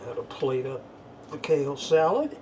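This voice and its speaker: A man's voice: a little high, sing-song, moderate pace, darkish tone, slight background noise. A man narrating his own cooking in a home kitchen, dry and wry. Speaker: home cook.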